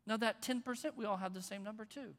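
A pastor preaching a conversational sermon, with bursts of loud emphasis. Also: male voice, sits high, fast. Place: church auditorium. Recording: long reverb in a large hall.

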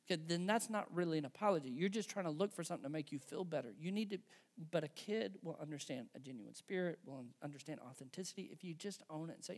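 A man's voice: sits high, animated, quick pace. A middle-aged man giving an earnest, exhorting sermon to parents, talking straight to his listeners. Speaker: pastor.

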